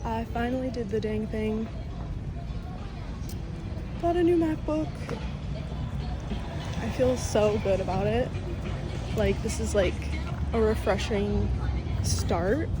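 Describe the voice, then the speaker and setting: A woman's voice: a little high, takes it slowly, pauses often, noisy background. Bubbly young woman vlogging outdoors. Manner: bubbly, gushing, lots of "like" and "oh my gosh". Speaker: lifestyle vlogger. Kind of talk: casual vlog chat. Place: outdoors at a shopping mall.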